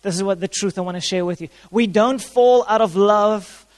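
A man preaches in a high, light voice, driving his points home by repeating them. His words ring out with a long echo, as if he stands in a big hall. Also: normal speed. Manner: repeats key phrases for emphasis, uses props. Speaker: pastor. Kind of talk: sermon.

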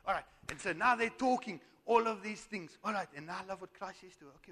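A high-pitched man preaches with emphatic asides and quick questions to his listeners. His voice sounds strained and worn. A long reverb hangs behind him, as in a large hall. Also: a bit bright, slight background noise. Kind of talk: sermon.

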